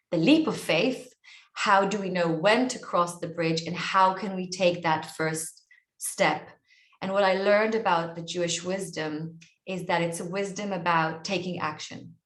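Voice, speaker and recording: Her pitch fairly low and the audio roomy, an author and coach with an Israeli accent gives an earnest online interview. She tends to repeat words as she feels her way toward what she means.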